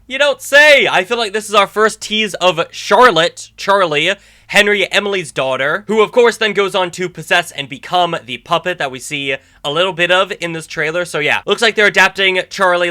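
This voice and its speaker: Man, YouTube host, trailer breakdown commentary, very bright sharp voice, chatty and eager. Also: high voice, smooth. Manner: chatty and enthusiastic, thinking aloud.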